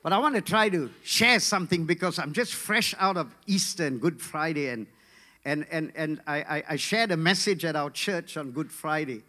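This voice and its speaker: Animated man preaching a humorous sermon. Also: a little high, moderate pace. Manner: animated, rising to rhythmic preaching. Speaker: pastor.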